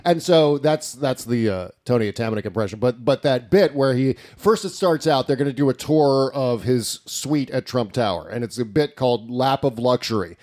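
A man's voice: medium pitch, moderate pace, hardly any pauses. Guy on a podcast, swears a lot, gets all worked up telling stories. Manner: animated, profane, laughs at his own jokes. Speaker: podcast co-host. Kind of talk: casual chat.

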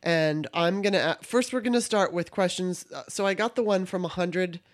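A man's voice: high-pitched, normal speed. A man co-hosting a podcast, laughing often and asking questions with hesitant restarts. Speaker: podcast co-host. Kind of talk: casual chat.

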